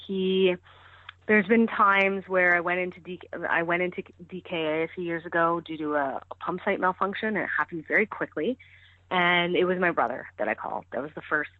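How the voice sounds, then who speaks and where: A Canadian ski coach, a woman with a fairly low voice, speaks a little fast as a guest on a podcast. She chats loosely in a casual interview, full of fillers and restarts. The line sounds tinny and phone-like, completely dry with no room sound.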